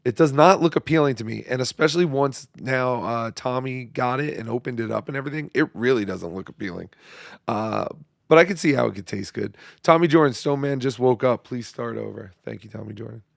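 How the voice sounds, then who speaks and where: A hoarse man who is losing his voice hosts a casual livestream chat, reading viewer messages in a profane, mumbling, self-deprecating way. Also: mid-range voice, fairly quick, dry recording, studio quality. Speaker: show host.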